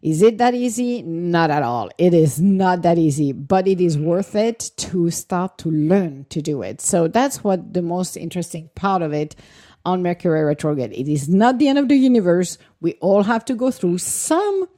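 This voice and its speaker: A woman's voice: lowish voice, lively intonation, moderate pace, dark tone. A woman speaking casually and earnestly, laughing often and acting out little quoted exchanges as she gives advice. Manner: earnest advice with repeated emphasis. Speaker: astrology speaker. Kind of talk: casual spoken explanation.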